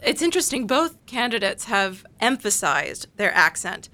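Woman, panel guest, measured and analytical, bright tone. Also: medium pitch, big pitch swings. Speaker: panel guest discussing her essay. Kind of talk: academic panel discussion.

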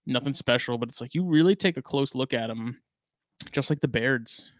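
A man, co-hosting a podcast in casual chat, rambling and relaxed with lots of fillers. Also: medium pitch, moderate pace, dry recording. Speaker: podcast co-host.

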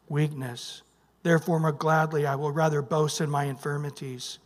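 A male pastor preaching a sermon, emphatic, swinging from loud bursts to hushed near-whispers and prompting the congregation with "what?". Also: on the high side, long reverb tail. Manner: emphatic, calls out "what?" for the congregation to fill in verses. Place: church sanctuary.

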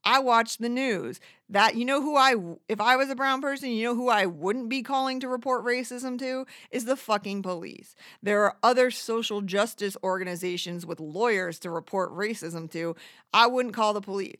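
A woman's voice: on the high side, moderate pace, fairly bright tone, no room sound, clean studio sound. A woman ranting in a casual, profane, rambling way, self-deprecating and acting out other people's voices as she goes. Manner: acts out quoted voices. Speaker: monologuist. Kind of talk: casual rant.

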